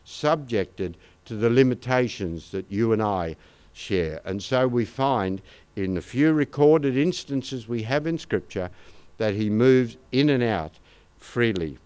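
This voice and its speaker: A man's voice: mid-range voice, lively intonation, slow, darkish tone, clear, resonant tone. An older Australian man giving a conversational sermon, with anecdotes and asides to the congregation. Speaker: pastor.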